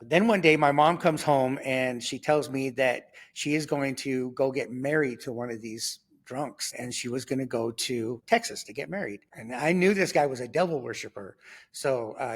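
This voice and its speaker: A man in his sixties telling his life story in conversation, lively and rambling, with lots of fillers and sudden jumps in pitch when he acts out other people's voices. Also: moderate pace, slightly rough. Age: 60s. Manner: loose and rambling, full of fillers and restarts. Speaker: guest sharing his testimony.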